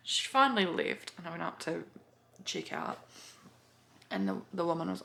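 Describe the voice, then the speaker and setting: A woman's voice: fairly low pitch, level tone, brisk, gravelly, fairly bright tone, a little hiss or hum. A woman chatting casually to camera, full of fillers and swearing as she tells a story. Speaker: vlogger.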